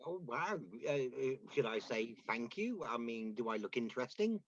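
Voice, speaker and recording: A man's voice: mid-range voice, lively intonation, moderate pace, lo-fi sound, a crowd in the background, close to an everyday voice. A man playing a devoted gallery regular who hesitates and repeats words, then gushes about paintings, in an amateur stage drama. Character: enthusiastic male art-loving gallery regular.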